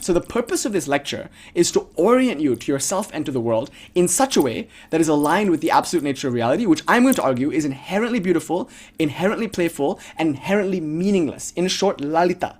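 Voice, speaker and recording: A man's voice: on the high side, sing-song, fast, few pauses, a little mellow. A man giving a casual spiritual lecture full of storytelling, rambling and filling his sentences with "like.". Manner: rambling, heavy use of "like", laughs.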